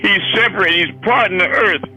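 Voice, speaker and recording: A male preacher with a high, piercing, sharply edged voice delivers an impassioned sermon. He swears freely and presses his listeners with rhetorical questions, with faint music behind him. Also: fast talker, bright, forceful tone, rough recording. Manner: fiery, profane, rhetorical questions.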